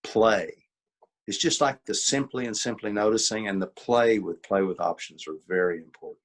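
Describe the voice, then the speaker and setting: Low husky man teaching emphatically. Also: normal speed. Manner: emphatic, repeats key points, acts out quoted dialogue. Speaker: workshop presenter and author. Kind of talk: informal teaching talk.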